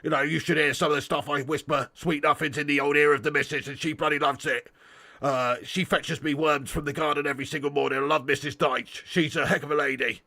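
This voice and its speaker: A man doing an impression of a gruff middle-aged male football manager in a raspy, slow, deadpan voice. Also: fairly high pitch, exaggerated voice.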